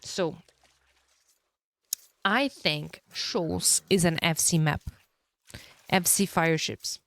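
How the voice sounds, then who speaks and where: A woman commentating a strategy game match, her voice hoarse from being sick, talking at low energy with throat-clearing and fillers. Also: extremely slow, fairly bright tone. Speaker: tournament caster.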